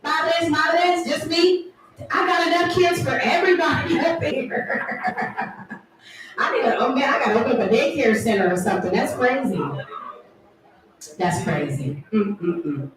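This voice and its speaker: A woman's voice: high-pitched, measured pace, pauses often, music in the background. A woman in her thirties doing a playful stand-up comedy set with teasing crowd work at a live event. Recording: echoey room, from far off.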